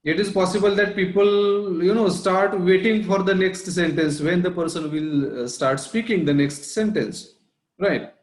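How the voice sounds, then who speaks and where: A man's voice: high-pitched, unhurried, reverberant. A man giving an online lecture on public speaking, explaining his points and often checking in with "right?". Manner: explanatory, repeats points, asks rhetorical "right?". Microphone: online class audio.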